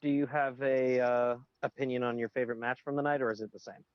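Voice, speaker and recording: A man's voice: medium pitch, quick pace, clean tone, dry recording. Opinionated man ranting on lo-fi audio. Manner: animated, opinionated ranting with frequent restarts. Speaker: podcast co-host. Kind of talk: casual chat.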